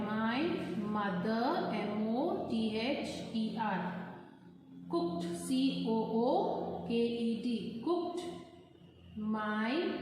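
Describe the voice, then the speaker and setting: A woman's voice: on the high side, darkish tone, a little hiss or hum. A woman teaching a primary class, dictating sentences and spelling each word out letter by letter. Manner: slow, spells words letter by letter. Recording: roomy echo with long reverb.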